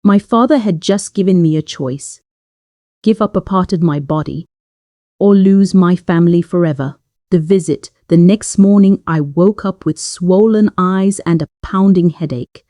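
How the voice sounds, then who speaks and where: A woman narrating a first-person family story in a quiet, measured way. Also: on the low side, no room sound, clean studio sound.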